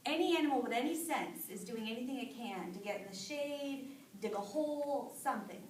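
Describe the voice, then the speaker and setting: A woman's voice: high voice, fairly quick, recorded from a distance, slight background noise. A young woman telling a folk tale to a live group in a casual, chatty way. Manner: chatty, animated, with fillers. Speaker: storyteller. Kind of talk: casual oral storytelling to an audience. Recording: echoey room, voice from off-mic.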